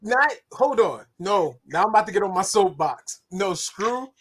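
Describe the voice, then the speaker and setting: A man co-host teases and exclaims in slangy casual talk. His pitch swings widely and sits fairly high. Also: lively intonation, normal speed, fairly bright tone, slightly rough. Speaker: podcast co-host. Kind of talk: casual chat.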